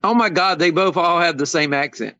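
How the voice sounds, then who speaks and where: A man with a high voice talks sports picks in loose, profane, animated chat. The sound is dry and close with a dull, lo-fi tone. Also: fairly quick, no echo. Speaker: podcast panelist.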